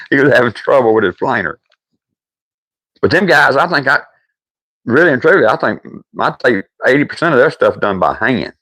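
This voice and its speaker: An older man with a Deep South accent, hosting a livestream and chatting casually with viewers in a folksy, rambling way. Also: lively intonation, normal speed, long pauses, a bit bright, no echo. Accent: Deep South American. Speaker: livestream host.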